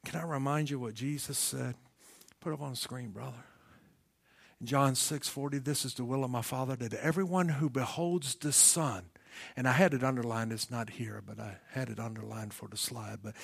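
A middle-aged man preaching a sermon, asking rhetorical questions, swinging from shouted climaxes down to hushed near-whispers. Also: mid-range voice, normal speed, vocal fry, slightly rough. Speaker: pastor.

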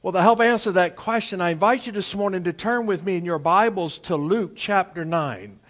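High-voiced folksy pastor. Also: male voice, a bit bright. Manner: folksy storytelling, drawn-out emphatic phrasing. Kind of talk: sermon. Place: church service streamed to homes.

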